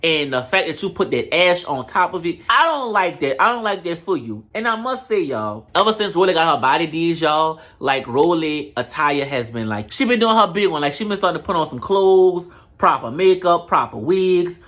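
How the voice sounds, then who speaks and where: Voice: mid-range voice, very animated, moderate pace, fairly bright tone. A show reviewer on camera giving a casual, blunt reality-show recap, talking straight to the viewers. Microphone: camera mic.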